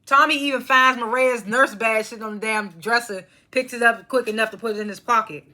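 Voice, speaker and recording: A young woman talks straight to her camera at home, recapping a show episode in loose, chatty fashion. Her voice is bright and forward, broken by quick laughs and plenty of fillers, and she chews snacks as she talks. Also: a little high, fairly even intonation. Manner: chatty, laughs often, strings thoughts with fillers; talks while chewing snacks. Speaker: TV episode reviewer. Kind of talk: casual recap monologue.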